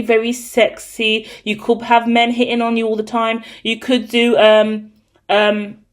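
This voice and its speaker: Excitable woman giving a tarot reading. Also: medium pitch. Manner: excitable, rambling, cheeky. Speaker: tarot reader.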